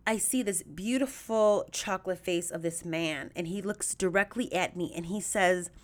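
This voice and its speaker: A woman hosting a podcast, telling a story in a chatty, animated way, addressing her listeners as y'all and acting out quoted voices with big jumps in pitch. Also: moderate pace. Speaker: podcast host. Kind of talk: casual storytelling monologue.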